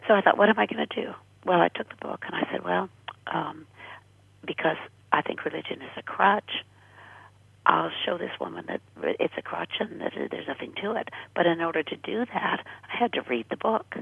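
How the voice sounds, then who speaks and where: Husky, gravelly older woman on a phone line. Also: on the low side, lively intonation, normal speed, no room sound. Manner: earnest storytelling, drops to a near whisper. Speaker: guest. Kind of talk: personal testimony in a radio interview. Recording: dry tinny phone-line radio sound.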